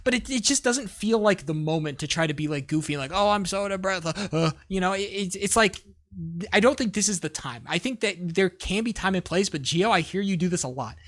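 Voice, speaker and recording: A man's voice: high-pitched, animated, fairly quick. A man streaming live, coaching a caster in a blunt, profane, emphatic way with rambling restarts.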